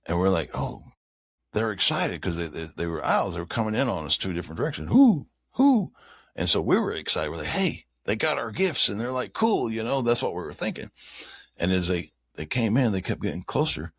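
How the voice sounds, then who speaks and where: A man's voice: low-pitched, lively intonation, quick pace, fairly bright tone, slightly rough, no room sound, studio quality. A man, a guest on an interview with his grown son, telling a rambling story and imitating animal calls. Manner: rambling, imitates owl hoots in stories. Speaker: guest, father of co-guest.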